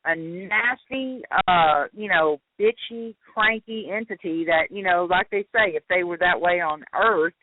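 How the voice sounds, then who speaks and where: Man, talk show guest, high voice, rambling and hesitant, tinny phone line, dry. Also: measured pace, hardly any pauses, no room sound. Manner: rambling, hesitant, full of fillers. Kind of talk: casual talk show chat.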